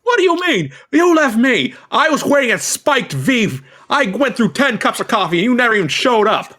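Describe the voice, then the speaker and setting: A man's voice: very high-pitched, very animated, normal speed, sharp tone, voice pushed up, full character voice. A man voicing a wandering older male mentor who complains with indignation in a tabletop role-play. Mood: indignant.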